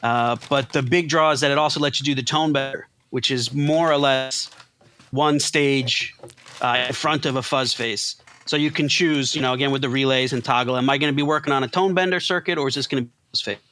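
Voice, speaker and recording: A man's voice: medium pitch, brisk, pushed and bright, slight background noise. A man on a podcast, casually explaining technical details of a product. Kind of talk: casual chat.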